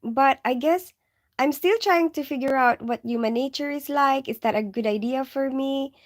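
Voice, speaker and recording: A woman with a mixed Filipino and English accent chats casually to her livestream viewers. Her voice sits a little high, and she giggles often and leans on "like" and "you know" as she answers questions. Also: moderate pace. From Philippines. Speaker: nurse and livestream host.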